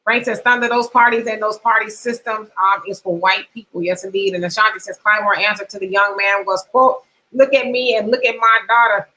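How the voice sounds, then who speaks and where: A woman's voice: medium pitch, steady tone, brisk, hardly any pauses, pushed and bright, low-quality recording. A middle-aged woman, hosting a livestream and reading viewer comments aloud, laughing often between her asides. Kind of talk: casual chat.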